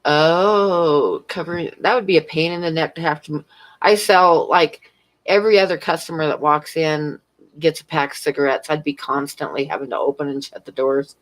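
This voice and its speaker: On a casual live stream at home near her fish tank, a woman who clerks at a convenience store speaks at normal speed in a low voice with fairly even intonation. The recording is low quality, and she rambles through chatty stories full of laughter.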